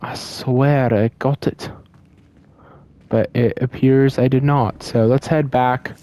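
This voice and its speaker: A man's voice: mid-range voice, fairly even intonation, slow pace, dark tone. A man casually commenting on a video game and reading in-game letters aloud, poking fun at himself. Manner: reads in-game letters aloud, self-mocking. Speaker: gaming YouTuber.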